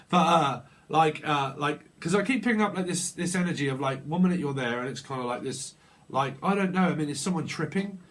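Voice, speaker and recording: A man's voice: a little high, moderate pace, a bit bright. A man giving a casual, rambling tarot reading, repeating phrases and acting out little exchanges. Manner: rambling, repetitive, acts out little dialogues. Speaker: tarot reader. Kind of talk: casual intuitive reading monologue.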